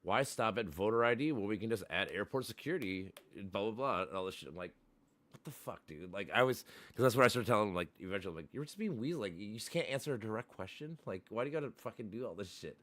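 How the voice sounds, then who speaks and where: A man's voice: on the low side, fast talker. A man hosting a livestream, casually and profanely retelling an argument and acting out both sides. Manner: profane, animated, acts out both sides of a debate. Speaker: livestream host.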